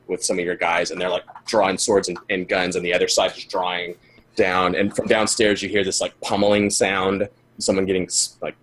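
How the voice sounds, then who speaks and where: A man narrating a tabletop game as game master, in loose, halting speech full of restarts. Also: low voice, fairly bright tone, breathy edge.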